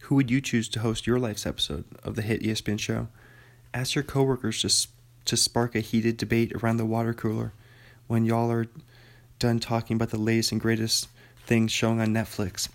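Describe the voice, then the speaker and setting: A man's voice: medium pitch, level tone, brisk, close to an everyday voice. A man playing a showy male TV news anchor, reading long mock-formal sentences.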